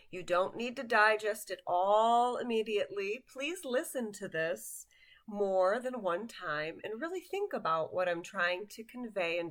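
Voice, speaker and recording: With a medium-pitched, slightly bright voice, a woman teaches vocabulary slowly and patiently as a language teacher. She says every word more than once and asks the listener to repeat it with her.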